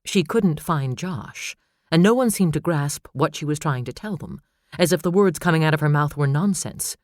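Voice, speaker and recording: A man narrating a suspense novel in steady, measured storytelling. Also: on the high side, dry recording, clean studio sound. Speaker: audiobook narrator. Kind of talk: scripted narration.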